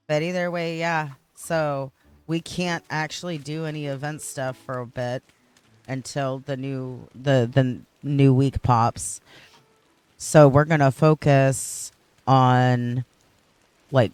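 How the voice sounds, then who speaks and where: A man's voice: medium pitch, slow pace, a little mellow, clear, resonant tone, dry recording, faint music behind. Chatty man streaming a game. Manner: rambling, chatty, self-correcting. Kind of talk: casual gameplay livestream chat.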